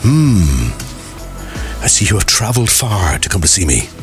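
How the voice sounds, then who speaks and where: A mystic female fortune teller speaks in slow, weighty tones, put on by a man. Her delivery is drawn out and portentous. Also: sits low, big pitch swings, soft background music. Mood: mystical.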